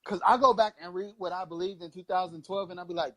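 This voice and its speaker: A thirties-aged co-host from Long Beach, California rambles and preaches with profane intensity on a casual political chat show. His high-pitched voice is pushed and bright, with fairly even intonation and a quick pace.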